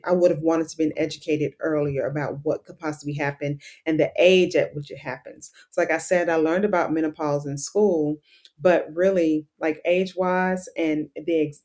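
A middle-aged woman with a deep, slightly mellow voice is a guest, a pharmacist and menopause educator. In a casual interview she explains things earnestly, using lots of filler words.

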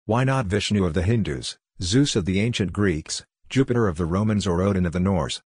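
A man voicing a calm, seductive female divine being with a low, reverberating voice in an audiobook reading. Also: slightly rough, studio quality. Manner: calm, preaching, unhurried.

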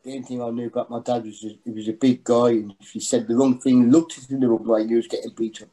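A middle-aged man giving a personal testimony in a halting, earnest way, full of restarts. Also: mid-range voice, level tone, warm tone, low-quality recording. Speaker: guest sharing testimony.

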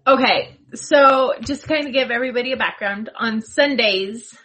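A woman co-hosting a casual podcast, calmly explaining family routines. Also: a little high, moderate pace. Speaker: podcast co-host. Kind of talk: casual chat.

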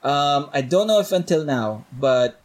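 A young man chatting casually with friends, excitable, laughing often and restarting his sentences. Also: fairly high pitch, unhurried. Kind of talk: casual chat among friends.

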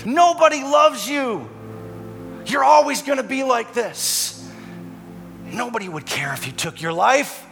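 A man voicing the devil as a cruel male tormentor, loud and jeering. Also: extremely high pitch, expressive, measured pace, creaky, pauses often, exaggerated voice. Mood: taunting. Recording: reverberant hall with soft music.

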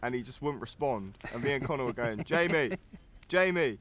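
A young man co-hosting a casual podcast, telling stories with animated bursts. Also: mid-range voice, quick pace. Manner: animated storyteller. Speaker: podcast co-host.

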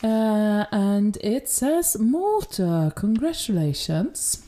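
Slow-talking woman, mellow voice. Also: medium pitch, very animated. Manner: hesitant and playful, many pauses while reading results. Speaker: podcast co-host. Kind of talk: casual podcast chat.

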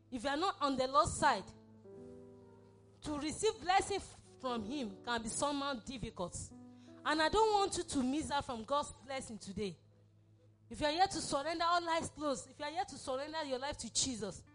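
A woman's voice: high-pitched, a bit bright. A woman pastor, preaching a sermon and leading an altar call with fervent, repeated exhortations. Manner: fervent, repetitive exhortation, acted prayers.

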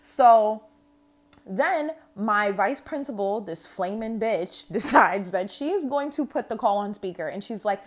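A woman's voice: mid-range voice, lively intonation, a little slow. A woman with a New York accent telling a storytime vlog in a brash, casual way, full of slang and swearing. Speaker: vlogger.

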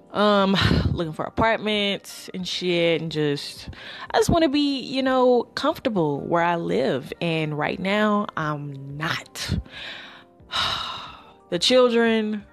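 A woman talks to her listeners in a slow, unhurried drawl, her voice sitting on the lower side. She rambles loosely in slang, pausing and sighing as she goes. Faint music plays softly behind her. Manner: rambling, slangy, with sighs and pauses. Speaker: podcast host. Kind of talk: casual solo podcast monologue.

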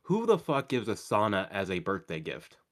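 Sardonic low-voiced male podcaster. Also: huge pitch swings. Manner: sardonic, swears casually, halting restarts. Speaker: podcast co-host. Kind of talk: casual chat.

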